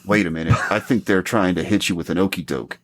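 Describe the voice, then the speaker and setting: A man's voice: sits low, fairly even intonation, fast talker, fairly bright tone, a little hiss or hum. A man joining a casual podcast chat remotely, sardonic and profane. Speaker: podcast guest.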